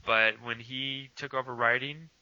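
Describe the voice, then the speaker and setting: A man's voice: mid-range voice, steady tone, unhurried, pushed and bright, no echo. A man co-hosting a casual chat, hesitant and full of fillers but enthusiastic. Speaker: podcast co-host. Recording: dull lo-fi sound.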